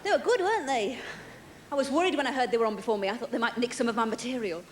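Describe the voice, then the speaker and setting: A woman's voice: on the high side, rapid-fire. A woman comedian doing a stand-up routine on a large theatre stage, with a dry, self-deprecating delivery. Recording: noisy 1980s television broadcast with audience.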